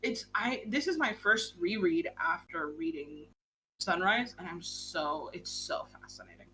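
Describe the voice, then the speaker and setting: A young woman hosting a book club stream in casual chat, talking in a quick, gushing way and swearing casually. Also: lowish voice, lively intonation, pushed and bright, a little hiss or hum.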